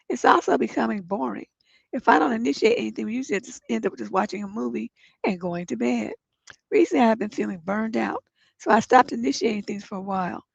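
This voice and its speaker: A woman's voice: on the high side, creaky, slightly rough, no room sound. A middle-aged woman hosting a relationship advice livestream, sounding congested, who reads viewer letters aloud and then gives blunt, profane advice. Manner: blunt, profane, gets emphatic when giving advice. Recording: dull lo-fi stream audio.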